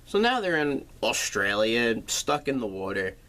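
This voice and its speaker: A man's voice: mid-range voice, sing-song, measured pace, pushed and bright. A man recapping a film's plot in a casual, sarcastic way, swearing freely as he goes. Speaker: movie reviewer.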